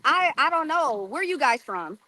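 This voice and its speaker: Sassy lady chatting by the pool, kinda high voice, defensive. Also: sing-song, moderate pace, pushed and bright, no echo, poor audio. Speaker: podcast guest, rapper. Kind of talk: casual live chat. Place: outdoors by a pool.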